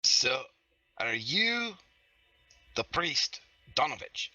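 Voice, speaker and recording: A man's voice: mid-range voice, big pitch swings, drawn-out words, bright, forceful tone, no echo. A man playing in a tabletop game, asking blunt, pushy questions in character. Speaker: player. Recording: dull lo-fi mic, distant.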